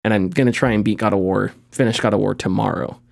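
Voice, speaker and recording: A man's voice: fairly low pitch, quick pace, vocal fry. A man co-hosting a gaming podcast in casual chat, laughing often and acting out scenes in funny voices. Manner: animated, laughs often, mimics voices in anecdotes. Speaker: podcast co-host.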